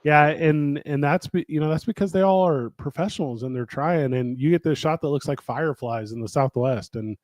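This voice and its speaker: A man's voice: on the high side, moderate pace, few pauses, a little mellow, dry recording. A man hosting a casual chat about a wrestling promotion's year, talking in a rambling way with many fillers and restarts.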